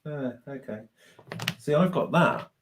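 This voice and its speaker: A man giving brief, low-key replies while building. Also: animated, a little slow. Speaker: co-host of a live building stream. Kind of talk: casual chat while building. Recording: faint background noise and clicks.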